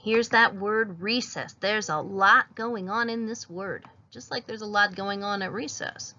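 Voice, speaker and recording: Woman teacher doing phonics, slow and patient, sounds out letters, kinda muffled lo-fi audio. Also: medium pitch, sharp tone. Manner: patient, explains each sound while writing words. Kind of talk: phonics lesson.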